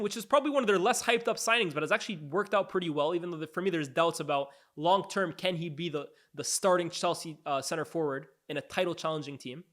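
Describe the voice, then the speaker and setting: High-voiced young man talking football. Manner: animated, blunt, swears casually. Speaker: football pundit host. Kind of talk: casual tier-list commentary.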